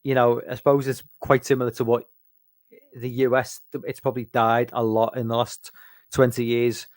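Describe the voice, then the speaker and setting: A tired middle-aged man with a British accent rambles through a late-night Q&A, sweary and full of restarts. His voice sits at an ordinary pitch and sounds dry and close, with no room around it. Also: level tone, normal speed, no echo. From United Kingdom. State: tired, fighting sleep. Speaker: live streamer. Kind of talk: late-night casual Q&A chat.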